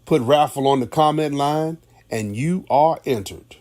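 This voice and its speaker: A man reading out a raffle announcement in a measured way, spelling out letters. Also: a little high, a little mellow. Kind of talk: read announcement.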